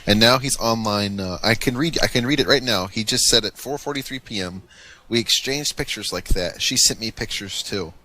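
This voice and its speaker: A man on a phone call, calm, polite and deadpan. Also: fairly low pitch, moderate pace, slight background noise. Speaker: caller.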